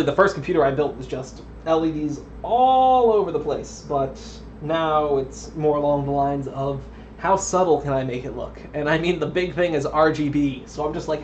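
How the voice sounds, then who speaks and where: A young man chatting casually as he streams a computer build at home, rambling with frequent ums and drifting off the mic. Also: a little high. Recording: dull lo-fi stream audio with faint noise.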